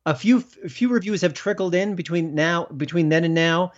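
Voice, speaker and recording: A man being interviewed as a film critic, talking emphatically and rising in pitch when indignant. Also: fairly quick. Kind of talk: political interview. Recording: dull lo-fi sound.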